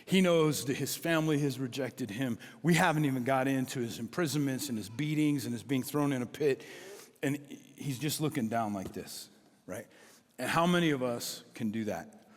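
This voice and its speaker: A middle-aged man preaching a sermon as a pastor, telling stories in an animated way and acting out the dialogue. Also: medium pitch, moderate pace, in a large hall.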